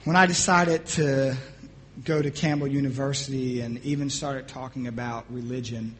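A middle-aged man from New Jersey preaching a sermon, telling his own testimony in an animated, humorous storytelling way. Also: medium pitch, moderate pace, a little hiss or hum.

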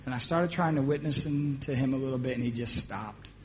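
A middle-aged man from New Jersey preaching a sermon, telling his own testimony in an animated, humorous storytelling way. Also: mid-range voice, brisk, slight background noise.

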